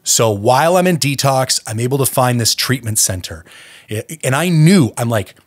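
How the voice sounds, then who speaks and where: A man's voice: mid-range voice, expressive, normal speed, no echo. Blunt, profane man telling his story. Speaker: podcast host. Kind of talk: personal recovery story.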